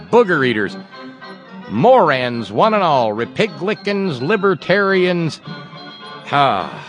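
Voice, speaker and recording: A man voicing a showy, loud carnival barker with a sing-song, drawn-out hawking call. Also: a little high, voice pushed up. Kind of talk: comic radio bit.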